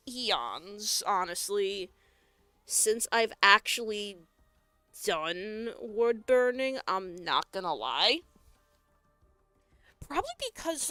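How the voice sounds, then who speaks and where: A young woman streamer with a bright, crisp voice chats in an unhurried way while she works on a craft, cussing cheerfully and breaking into laughs often. Her voice is close and dry, with faint music playing underneath. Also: medium pitch, no echo. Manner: chatty, profane, laughs often, reads chat aloud. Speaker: live streamer and tabletop game master.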